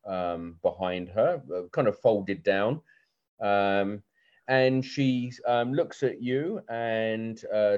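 A man's voice: on the low side, darkish tone, highs cut off. Man running a tabletop game. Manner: hesitant, many ums, jokey banter. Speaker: game master. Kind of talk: narrating a tabletop role-play game online.

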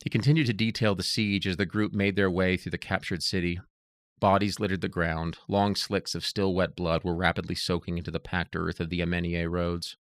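A man narrating an audiobook in a steady, even reading voice. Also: deep voice, fairly quick, no room sound.

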